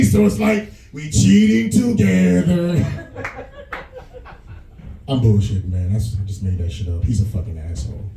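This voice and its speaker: A man with a New York accent doing a stand-up set, loose and crude, often jumping into high put-on voices. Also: very animated, moderate pace, gravelly, dark tone, roomy sound, recorded from a distance, faint music behind, rough recording. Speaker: stand-up comedian headlining a bar. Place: small bar comedy stage.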